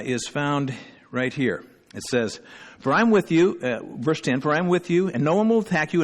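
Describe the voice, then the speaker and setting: A middle-aged man preaching a sermon as pastor, emphatic and often checking in with the congregation. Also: a little high. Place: church sanctuary. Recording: long reverb in a church hall.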